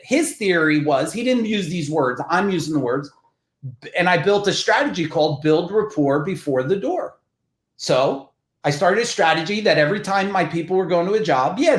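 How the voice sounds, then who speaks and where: A man's voice: sits high, roomy sound. Blunt, profane New Jersey man. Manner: blunt and profane, animated storyteller. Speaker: guest, business founder. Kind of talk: casual podcast storytelling.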